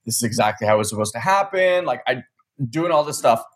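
Animated man telling a story. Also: medium pitch, brisk. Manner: animated, acts out quoted dialogue, swears casually. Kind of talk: casual storytelling chat.

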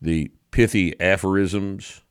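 A man's voice: deep voice, steady tone, slow, clean tone, no echo, clean studio sound. A man hosting a casual podcast chat, blunt and opinionated, with some profanity. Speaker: show host.

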